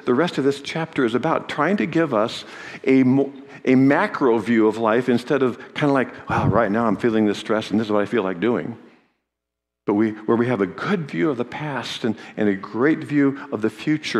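A man's voice: mid-range voice, normal speed, in a large hall. A man preaching a sermon in an earnest teaching manner, his voice rising in volume on key phrases.

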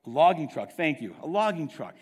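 Animated storytelling pastor, man, echoing. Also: a little high, slightly rough. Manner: animated storyteller, quick bursts, dramatic hushes. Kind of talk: sermon storytelling.

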